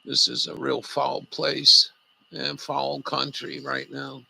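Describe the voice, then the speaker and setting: Man, rough gravelly voice, sharp tone, profane grumbling, rambling vlog talk. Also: mid-range voice, completely flat delivery, takes it slowly, poor audio. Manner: talks gently to his dog. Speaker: vlogger.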